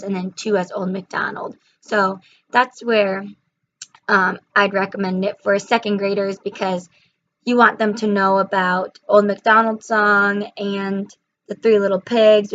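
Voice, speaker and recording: A woman's voice: medium pitch, fairly bright tone. A young woman retelling and reviewing a children's book in a chatty way, with frequent fillers, on a slightly muffled recording.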